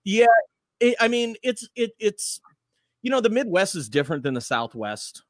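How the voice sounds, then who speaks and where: A radio host in a relaxed podcast chat, a man with a slightly raised voice who rambles through his stories. The sound is dry and close, with no room around it. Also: high-pitched, moderate pace, no room sound. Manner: loose, rambling, animated storytelling. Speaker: morning radio host, guest.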